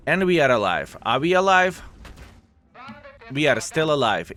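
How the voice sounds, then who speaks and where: A man's voice: medium pitch, a bit bright, a little hiss or hum. A man giving live commentary over his own gameplay, chatty and frank, often turning to viewers with tag questions, his English phrasing plainly non-native.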